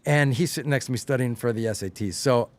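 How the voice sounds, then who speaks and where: A middle-aged man from Long Island with a slight Long Island accent, chatting casually as a podcast guest and telling stories with lively, acted-out quotes. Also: mid-range voice, quick pace, no echo. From Long Island, New York. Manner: animated storyteller, acts out quotes with rising excitement. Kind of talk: casual chat.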